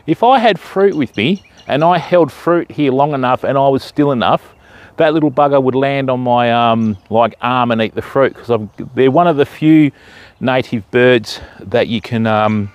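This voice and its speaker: A medium-pitched Australian man speaks at a moderate pace on a dry recording, hosting a casual fishing livestream outdoors by a river, where he jokes, chats and greets viewers by name.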